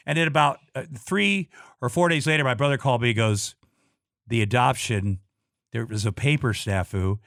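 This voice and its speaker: Blunt, halting middle-aged man, dry sound. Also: medium pitch, gravelly, a bit bright, dry recording. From Iowa, USA. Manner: halting, full of restarts and repeated words; blunt, with frequent swearing. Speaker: guest. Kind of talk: personal storytelling in casual talk.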